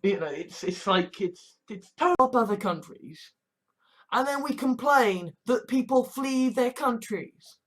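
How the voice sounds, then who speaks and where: A woman's voice: fairly high pitch, animated, a little slow. A woman ranting in a vlog commentary, full of sarcastic mock outrage, repeated phrases and swearing. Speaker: online commentator.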